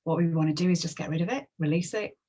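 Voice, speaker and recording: A woman hosting a spiritual conversation, gentle and affirming, heard over a video call. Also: low voice, quick pace. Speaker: host. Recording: dull lo-fi video call audio.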